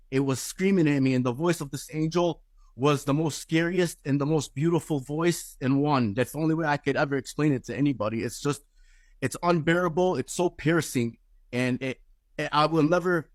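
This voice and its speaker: A man telling an emotional personal testimony in an intense, halting way, often searching for words. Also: fairly high pitch, no echo. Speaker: person giving a religious testimony.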